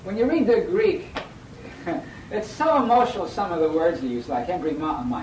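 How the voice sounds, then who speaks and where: Male preacher, sermon style, quizzes listeners to finish verses, echoey hall, faint low rumble behind. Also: normal speed, far from the mic. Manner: acts out lively quoted voices. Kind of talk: sermon with scripture reading.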